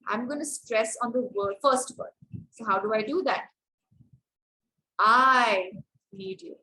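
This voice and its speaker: A woman trainer giving an online public speaking workshop over a video call, explaining clearly and shifting her tone and stress to model examples. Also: high voice, fairly bright tone, rough recording.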